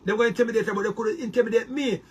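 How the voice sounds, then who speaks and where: A man's voice: high-pitched, steady tone, very fast, slightly rough. A Jamaican man delivering a heated, boastful monologue to his viewers, repeating words and restarting often. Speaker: online commentator.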